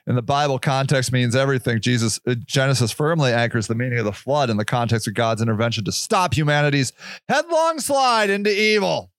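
A man's voice: mid-range voice, fairly quick, a bit bright, no room sound. A man hosting a solo podcast, reading passages aloud and then ranting in a sarcastic, profane, heated way. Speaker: podcast host.

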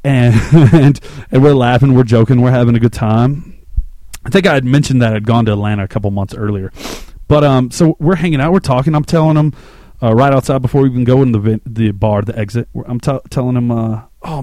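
A man's voice: mid-range voice, dark tone, no room sound. Rambling, profane podcast host in his thirties. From Shreveport, Louisiana, US. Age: 30s. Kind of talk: casual storytelling monologue.

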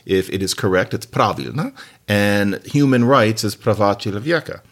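Chatty, wry male podcast host. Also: moderate pace. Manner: chatty, wry and digressive, with playful asides; lively, with big jumps up in pitch on emphasis. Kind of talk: solo podcast monologue.

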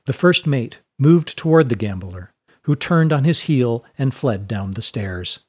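A man reading a serialized adventure story as its narrator, in a steady, measured way. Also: medium pitch, husky.

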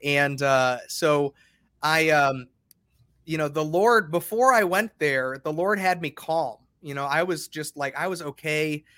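A man's voice: on the high side, measured pace, a bit bright, dry recording. A middle-aged man hosting a casual faith podcast, rambling and repeating words as he thinks aloud. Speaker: podcast host.

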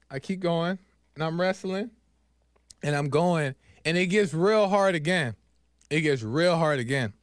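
A man shares a personal faith story in an earnest, animated way, doubling back on phrases as a preacher would. His voice sits a little high and comes through smooth and resonant. The sound is dry and close, with no room echo. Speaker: podcast host.

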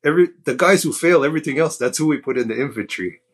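A man doing a voice of a brash, crude Marine recruiter, pitched higher and louder than his own talk. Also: fast talker, husky. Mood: taunting. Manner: taunting, pushy, crude.

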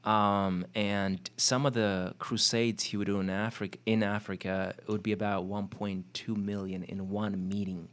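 A man hosting a casual interview, asking questions in a relaxed, filler-heavy way and livening up when he tells stories. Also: lowish voice, normal speed, hardly any pauses. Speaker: podcast host.

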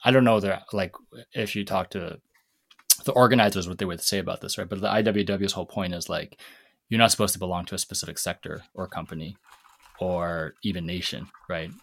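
A man's voice: sits low, steady tone, brisk, vocal fry, fairly bright tone. A man co-hosting a casual panel discussion, working through ideas in a thoughtful, hedging way. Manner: thoughtful, hedging, many fillers. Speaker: podcast co-host.

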